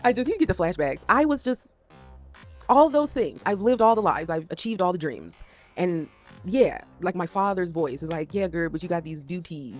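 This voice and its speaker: A woman talking casually to camera as a vlogger, rambling and swearing as she jumps between topics. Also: fairly low pitch.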